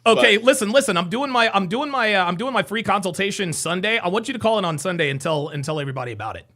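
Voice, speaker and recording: A man hosting a live call-in stream, chatting casually and reacting in quick, agreeable bursts. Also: high-pitched, animated, sharp tone. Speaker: livestream host.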